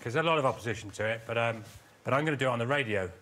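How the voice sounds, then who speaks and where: A man doing deadpan comic bits as a panel show guest. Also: mid-range voice, racing. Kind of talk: comedy panel show banter. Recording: noisy studio with laughter.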